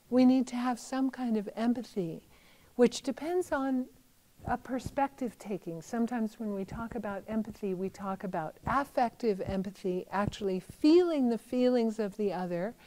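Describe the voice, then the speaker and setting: A middle-aged woman speaks as a Buddhist teacher in a calm, reflective talk, pausing and searching for words as she goes. Her voice sits fairly high but has a mellow, soft tone. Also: low-quality recording. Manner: gentle, thoughtful, conversational with fillers.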